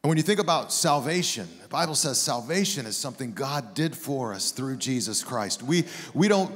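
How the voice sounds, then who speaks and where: A man's voice: medium pitch, animated, moderate pace, husky. A man preaching a sermon as a guest pastor, telling stories in a conversational, joking way. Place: church sanctuary. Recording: long hall reverb.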